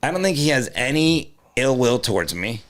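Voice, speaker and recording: A man co-hosting a podcast, teasing his friend with quick jokes in casual chat. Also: mid-range voice, big pitch swings, a crowd in the background. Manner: teasing, quick jokey interjections. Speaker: podcast co-host.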